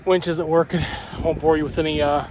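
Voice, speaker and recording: Outdoor vlogger, male, excitable, chatty with viewers, slightly high voice; handheld mic, traffic noise behind. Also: brisk. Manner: excitable, exclaims and talks to viewers as "you guys". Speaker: magnet fishing vlogger. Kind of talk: casual vlog talk to camera. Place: outdoors by flooded water in a park. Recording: outdoor noise with passing cars.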